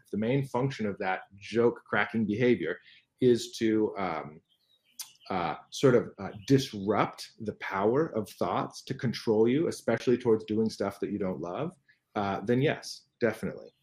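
A man's voice: fairly low pitch, animated, normal speed, a little mellow. A middle-aged man, a guest expert in an interview, explaining carefully with frequent restarts and fillers.

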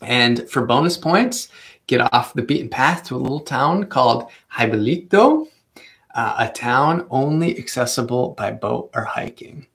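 A man gives casual travel advice to the camera, chatty and full of small fillers. His voice has a gravelly, fry-laden edge at a mid pitch. He takes extra care over Spanish place names. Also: lively intonation, unhurried, fairly bright tone. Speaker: travel vlogger. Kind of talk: casual travel guide talk.

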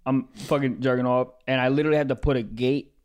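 A man's voice: mid-range voice, fairly even intonation, quick pace, a little mellow, clear, resonant tone. A man co-hosting a podcast, rambling and candid in casual chat, laughing often. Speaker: podcast co-host.

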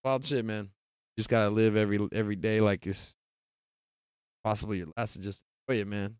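A man's voice: fairly low pitch, steady tone, brisk, clean tone, no echo. A young man hosting a podcast, chatting casually about sports news in a laid-back, rambling way with lots of swearing. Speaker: podcast host.

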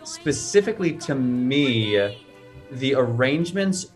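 A man's voice: mid-range voice, animated, slow, soft background music. A man as a guest composer in casual chat, agreeable and emphatic.

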